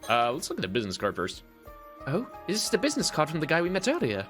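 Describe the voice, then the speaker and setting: A man's voice: a little high, huge pitch swings, quick pace, a bit bright, soft background music. A man casually commenting and reading text aloud while streaming a game, chatty and amused.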